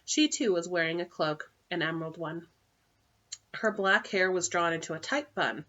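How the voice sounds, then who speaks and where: A woman reading a story aloud as an amateur audiobook narrator, steady but with occasional slips and self-corrections. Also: fairly low pitch, moderate pace, lo-fi sound. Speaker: audiobook reader.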